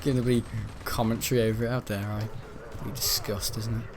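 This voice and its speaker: A man's voice: fairly low pitch, flat delivery, brisk, a little hiss or hum. A man giving rambling, jokey commentary over a video game, often breaking into giggles. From north-west England. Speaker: gaming channel host. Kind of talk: casual gameplay commentary.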